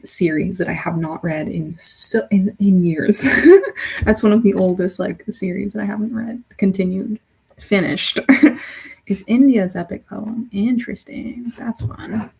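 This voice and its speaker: A woman's voice: lowish voice, unhurried, creaky, a little mellow, slightly rough, low-quality recording. A woman hosting a casual livestream, chatting with her viewers in a rambling way and laughing often. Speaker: livestream host reading chat. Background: faint fan hum.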